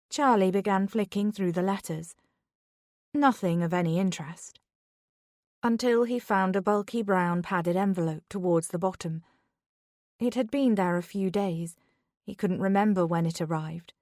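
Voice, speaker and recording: Calm woman narrating an audiobook. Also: mid-range voice, no room sound, clean studio sound. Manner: calm, measured reading.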